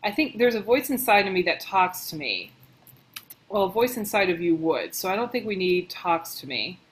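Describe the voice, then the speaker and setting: A woman working as a book editor, reading passages aloud and thinking out loud in a casual, chatty way as she comments on them. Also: mid-range voice, animated, moderate pace, rough recording.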